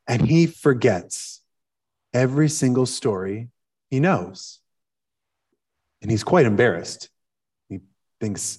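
A man who is a rabbi, telling a story in a sermon in an animated way with fillers. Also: medium pitch, a little slow, pauses often, slightly rough. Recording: distant mic.

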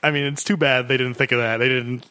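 A man's voice: mid-range voice, fast, dry recording. A man co-hosting a podcast, chatting casually about a film and acting out quotes. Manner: relaxed, chatty, acts out quotes. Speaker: podcast co-host.

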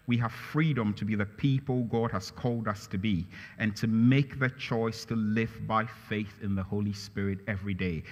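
A man preaching a sermon as pastor, emphatic and repeating phrases, his voice climbing on key lines. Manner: emphatic, rises in pitch and volume on key phrases. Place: large church hall. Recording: church hall reverb.

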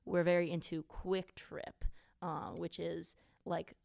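A woman's voice: lowish voice, flat delivery, slow pace, gravelly, darkish tone, no echo, clean studio sound. A young woman from Wisconsin, co-hosting a podcast in a chatty, giggly, self-mocking way. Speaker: podcast co-host. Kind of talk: casual chat.

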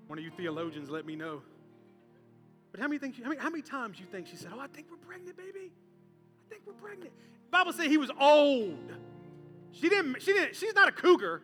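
A man preaching a sermon, telling a story with humor and acting out the people in it. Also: sits high. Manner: animated storytelling, acting out characters with voices. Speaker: pastor.

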